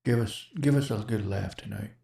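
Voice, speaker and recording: Podcast host, male, gravelly, rambling storyteller who keeps interrupting himself. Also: on the low side, moderate pace, dark tone. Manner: rambling, laughs often, self-interrupting. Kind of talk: casual storytelling chat.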